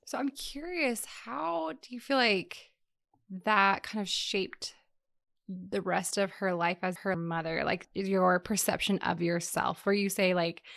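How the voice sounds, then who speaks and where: Woman, podcast host, creaky gravelly voice, dry close mic. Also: medium pitch, a bit bright, dry recording. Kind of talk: interview questions.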